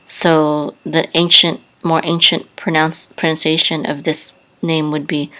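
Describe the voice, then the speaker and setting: Woman, language teacher, deep for her sex, slow and soft-spoken, patient. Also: flat delivery, low-quality recording. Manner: soft-spoken, careful, spells out sounds with many fillers. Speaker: Hebrew teacher.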